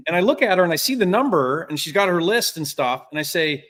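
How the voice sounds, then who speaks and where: A man telling a story in a casual business chat, animated and acting out the quotes. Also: a little high, fast talker, hardly any pauses.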